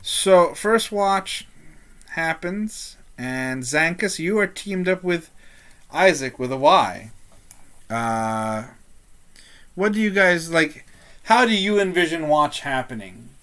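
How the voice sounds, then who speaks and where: A game master narrating a tabletop role-playing game, talking slowly and haltingly, with many fillers. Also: medium pitch, lively intonation, fairly bright tone.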